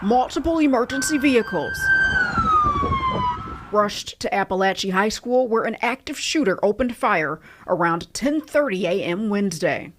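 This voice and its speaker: A woman news reporter reading a scripted report in a measured, formal way. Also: medium pitch, animated, noisy background.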